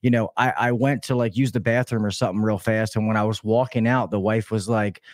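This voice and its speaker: An HVAC technician guests on a casual podcast, telling work stories in a profane, rambling way with lots of swearing and frequent restarts. His voice is lowish with fairly even intonation and a brisk pace, recorded dry at studio quality.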